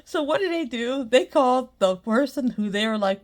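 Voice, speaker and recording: A woman's voice: high-pitched, lively intonation, normal speed. A woman hosting her own podcast, chatting casually and rambling, often breaking into giggles. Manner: rambling, many fillers. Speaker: podcast host. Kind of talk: casual solo chat.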